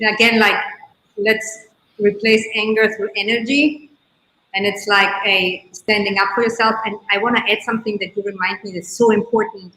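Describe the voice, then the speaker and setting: A woman who is a guest on a talk show, speaking in an emphatic, expressive way. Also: mid-range voice, reverberant, low-quality recording. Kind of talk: casual conversation.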